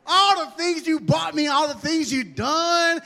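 Guy doing a gushing grateful kid voice, real high and shouty, echoey church. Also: measured pace, gravelly, exaggerated voice. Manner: gushing, exaggerated thanks. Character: overly grateful child, gushing and loud.

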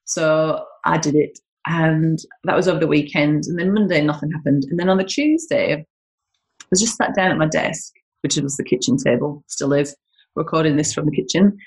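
A woman who runs a business and works as a health coach chats casually to camera from her home kitchen, full of asides and laughs. Her voice is low-pitched and moderately paced, and the audio is poor.

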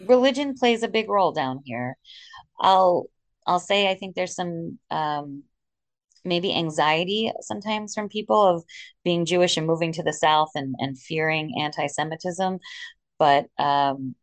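Low-voiced woman rabbi in chat. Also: a little slow, dry recording. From Philadelphia suburbs. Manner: warm, chatty storytelling with frequent fillers. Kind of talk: conversational interview.

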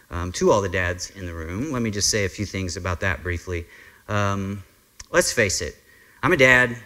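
A man's voice: fairly low pitch, bright, forceful tone. A man preaching a Sunday sermon as pastor, talking in an earnest, conversational way with frequent fillers. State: briefly emotional. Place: church sanctuary.

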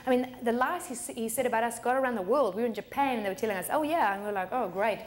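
A woman's voice: a little high, fairly even intonation, rapid-fire, a little hiss or hum. A middle-aged woman pastor preaching a sermon in a chatty way, often laughing and repeating words. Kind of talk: sermon teaching.

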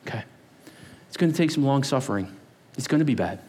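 Animated, lively-voiced preacher man. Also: mid-range voice, quick pace. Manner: animated, playful, acts out voices. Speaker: pastor. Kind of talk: sermon.

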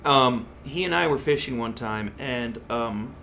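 A man's voice: mid-range voice, a little slow, vocal fry, pushed and bright, a little hiss or hum. A man, a fishing columnist, telling stories in a casual podcast chat with emphatic repeated phrases. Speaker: saltwater columnist.

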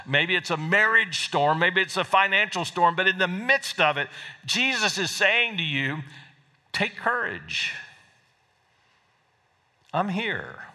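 A man preaches a sermon as a pastor in a fairly high, pushed, bright voice, talking conversationally and often repeating words. The recording carries the long reverb of a large hall.

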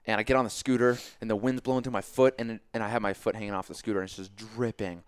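A young man with a low, smooth voice tells a story in casual podcast chat. He talks in an animated way, swears freely and acts out his own reactions. The sound is dry and close. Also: quick pace, no echo. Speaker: podcast guest.

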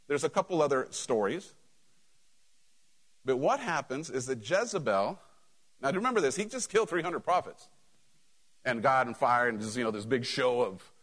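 A man's voice: a little high, a bit bright. A middle-aged male pastor preaching a sermon, telling a Bible story in a casual, sarcastic way.

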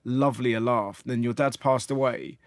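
A man's voice: medium pitch, steady tone, moderate pace, no room sound, clean studio sound. A man hosting a casual interview podcast, prompting his guest and reacting with short encouraging remarks. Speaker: podcast host.

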